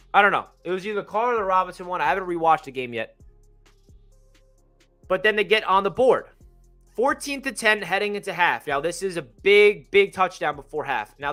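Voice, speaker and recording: A young man excitedly recapping a football game as a fan channel host, rambling and correcting himself as he goes. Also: high-pitched. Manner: energetic, rambling, self-correcting.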